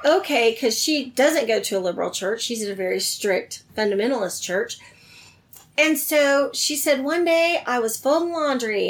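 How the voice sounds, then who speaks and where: Middle-aged woman, personal storytelling, animated, acts out quoted voices, slightly high pitch. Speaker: guest telling her life story.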